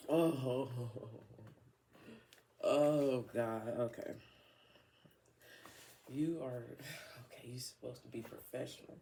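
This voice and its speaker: Gravelly slangy woman reading tarot, laughing. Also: extremely low pitch, takes it slowly, pauses often, mellow, slight background noise. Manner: laughing fits, swearing, slangy banter. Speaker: tarot reader.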